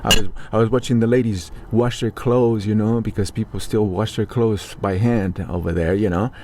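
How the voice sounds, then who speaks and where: A man's voice: fairly low pitch, steady tone, moderate pace, a little mellow, slight background noise. A man from Mexico delivering a heated, profane political rant, indignant and sarcastic as he talks straight to his viewers. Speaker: political commentator.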